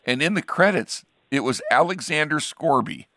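A man's voice: on the high side, animated, moderate pace, pushed and bright, no room sound. A man hosting a radio program as a pastor, chatting casually and rambling with frequent restarts. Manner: rambling, restarts sentences often. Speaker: radio show host, pastor.

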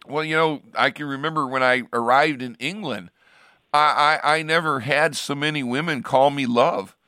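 A man's voice: mid-range voice, normal speed, bright, forceful tone, no room sound, studio quality. An older man from Ohio, a pastor hosting a casual chat, telling rambling stories with frequent restarts and chuckles. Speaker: pastor and show host.

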